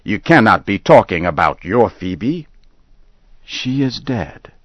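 A man's voice: on the low side, sing-song, slow pace, no room sound, heavily acted. A man voicing a plain-spoken farmer neighbor who talks bluntly. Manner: blunt, puzzled.

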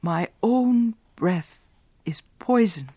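An anguished young man, voiced by a woman reader, intense and hushed. He talks slowly. The sound is dry, with no room around it. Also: mid-range voice, expressive, breathy edge, no echo, heavily acted. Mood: horrified.

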